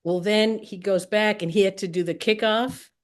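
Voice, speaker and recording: A woman's voice: mid-range voice, fairly even intonation, moderate pace. A woman hosting an interview, chatting casually with many fillers and easy laughter. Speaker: podcast host.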